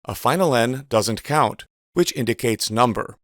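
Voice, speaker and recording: A man giving a measured, precise instructional voice-over as a teacher. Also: mid-range voice, animated, a bit bright, dry recording, studio quality. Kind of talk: scripted instructional narration.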